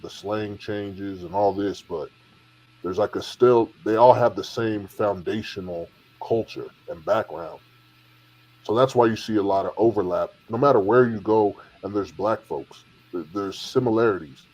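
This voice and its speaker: A man's voice: fairly low pitch, normal speed, a little mellow, low-quality recording. A man in a casual panel discussion, assertively explaining his view and correcting others.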